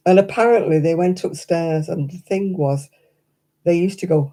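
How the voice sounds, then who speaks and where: An older woman with a lowish, mellow voice hosts a crafting livestream, talking briskly. She chats casually, tells anecdotes, and laughs often as she speaks.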